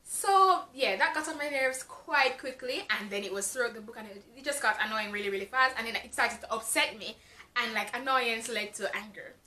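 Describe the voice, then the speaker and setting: A Jamaican woman with a Jamaican accent gives a blunt, exasperated, casual book review crammed with fillers. Her voice is a little high, brisk and sharp, and the room echoes.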